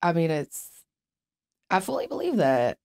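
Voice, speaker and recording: A woman's voice: deep voice, very animated, unhurried, darkish tone, smooth. A young woman as an interview guest, telling her life story candidly and bluntly, with frequent swearing and fillers. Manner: blunt, profane, many fillers.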